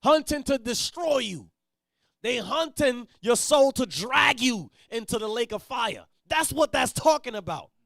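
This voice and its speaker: A man leading a Bible reading and preaching bluntly, dropping to low mutters, then shouting his points. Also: animated, unhurried, gravelly, dry recording, studio quality. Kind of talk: street-style Bible teaching.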